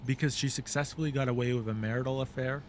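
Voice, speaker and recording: A man reading scripted documentary narration in a measured, explanatory way. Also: medium pitch, steady tone, slight background noise, rough recording.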